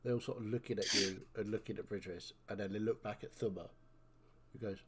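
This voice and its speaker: A man's voice: lowish voice, fairly even intonation, quick pace, very noisy. A man narrating as game master, chatty and descriptive with joking asides.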